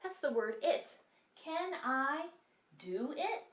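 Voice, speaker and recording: Lively kindergarten teacher woman in echoey classroom. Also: high voice, slow, far from the mic. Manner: animated, sing-song teacher voice for small kids. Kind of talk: lesson for young children. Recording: echoey room, mic set back.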